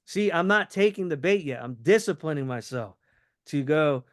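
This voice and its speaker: A man with a slightly high voice coaches someone through a sales pitch, playing both sides of the exchange to show the phrasing. He keeps it loose and conversational. The recording is dry and close. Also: expressive, moderate pace, no echo.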